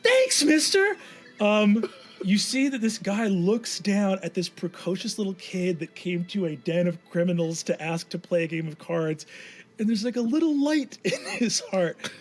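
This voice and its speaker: A man narrating a tabletop game as game master, animated and shifting between characters. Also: high voice, normal speed.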